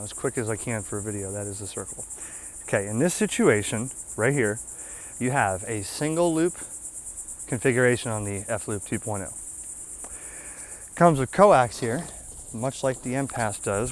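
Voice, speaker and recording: Folksy man demoing gear outdoors. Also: medium pitch. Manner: folksy, talks to viewers with frequent "okay?". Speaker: ham radio channel host. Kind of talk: casual hands-on product demo.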